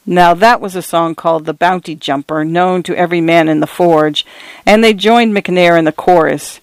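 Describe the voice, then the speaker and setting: A man's voice: high-pitched, steady tone, clean tone, dry recording, poor audio. Resonant male storyteller. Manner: measured, earnest storytelling. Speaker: narrator. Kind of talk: storybook narration.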